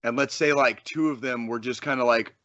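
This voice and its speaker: A man from Arizona co-hosting a podcast, talking in a rambling, excitable way with plenty of swearing. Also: medium pitch, a little fast, dry recording, highs cut off. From Arizona, USA. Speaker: podcast co-host. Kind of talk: casual podcast chat.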